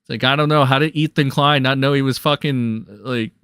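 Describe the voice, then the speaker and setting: A young man streaming, ranting angrily and profanely, mocking others in sarcastic high voices. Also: fairly even intonation, fairly quick, a bit bright, clear, resonant tone, no echo, clean studio sound. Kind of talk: angry rant reacting to clips.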